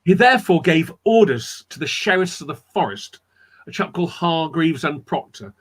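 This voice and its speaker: A man's voice: fairly high pitch, moderate pace. A man telling a dramatic folk tale as a guest storyteller, acting out the characters' voices. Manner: animated, acts out characters' voices.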